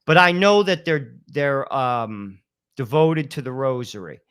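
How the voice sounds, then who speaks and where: A man's voice: medium pitch, animated, a little slow, a bit bright, clean tone. A man in his fifties co-hosting a podcast, talking casually and emphatically about faith, often repeating "listen" and "you know". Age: 50s. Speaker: podcast co-host. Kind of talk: casual religious talk.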